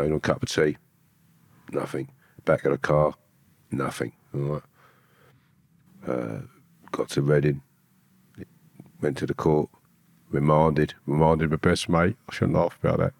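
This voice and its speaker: A very deep-voiced man in his fifties speaks bluntly and candidly, in streetwise slang with the odd curse. The recording is close and dry, with no room sound. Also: fairly even intonation, moderate pace, creaky, pauses often, a little mellow, breathy edge, dry recording. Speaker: guest who committed a kidnapping. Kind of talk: candid storytelling.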